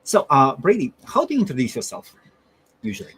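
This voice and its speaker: A man hosting a casual livestream interview, enthusiastic and quick to laugh. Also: fairly high pitch, very animated, a bit bright, slightly rough. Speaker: livestream host.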